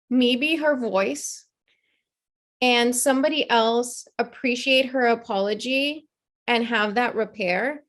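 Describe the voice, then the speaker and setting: A woman in her thirties, a therapist and mother, talking earnestly and reflectively as a guest in a conversational interview. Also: on the high side. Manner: earnest, reflective, acts out children's voices in quotes.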